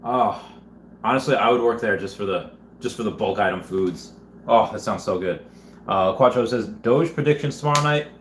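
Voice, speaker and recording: Low-voiced man chatting on a livestream. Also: moderate pace, a bit bright. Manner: rambling, chatty, frequent restarts and laughs. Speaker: livestream host reading viewer chats. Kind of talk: casual livestream chat. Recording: echoey room with faint background noise.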